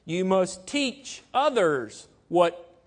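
Emphatic preacher, slow and measured. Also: male voice, high-pitched, sing-song. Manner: emphatic, deliberate, stresses key words slowly. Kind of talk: sermon.

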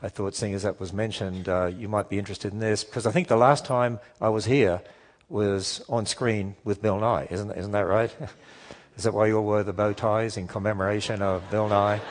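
Lively Australian man lecturing a crowd. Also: lowish voice, normal speed. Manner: lively storytelling with audience asides. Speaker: guest speaker. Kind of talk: lecture to a live audience.

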